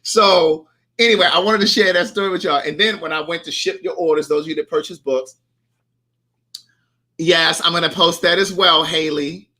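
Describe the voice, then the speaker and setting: High, bright-voiced chatty man. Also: fairly even intonation, moderate pace. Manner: chatty storyteller, acts out quoted lines. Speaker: host. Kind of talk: casual livestream chat.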